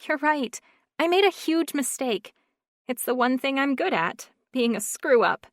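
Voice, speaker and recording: A woman's voice: high voice, lively intonation, a little slow, no echo, studio quality, pitched above the performer's own voice. A woman narrator voicing a timid young woman singer who speaks in a feathery, quivering voice. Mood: tearful, apologetic. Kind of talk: audiobook narration.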